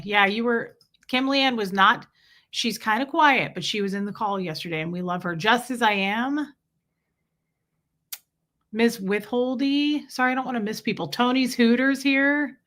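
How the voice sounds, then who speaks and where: Bright chatty woman greeting her stream. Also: fairly high pitch. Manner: chatty, warm toward viewers, rambling asides. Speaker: livestream host. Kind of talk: casual livestream chat reading viewer names.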